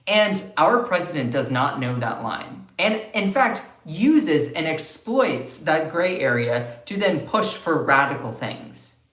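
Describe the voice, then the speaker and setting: A man's voice: on the high side, sing-song, slow, hardly any pauses, fairly bright tone, reverberant. A man with a Southern US accent giving emphatic political commentary on a live stream, often repeating and restarting his phrases. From Southern United States.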